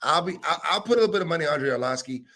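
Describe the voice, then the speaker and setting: A young adult man co-hosting a casual fight-talk podcast, bantering quickly with some swearing. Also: on the high side, lively intonation, pushed and bright. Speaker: podcast co-host. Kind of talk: casual sports chat.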